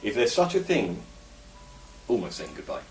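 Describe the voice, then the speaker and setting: A man's voice: fairly low pitch, huge pitch swings, normal speed, a little hiss or hum. A man from England, a vlogger, talking to camera in a rambling, musing and opinionated way. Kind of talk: casual monologue to camera. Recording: roomy echo, voice from a distance.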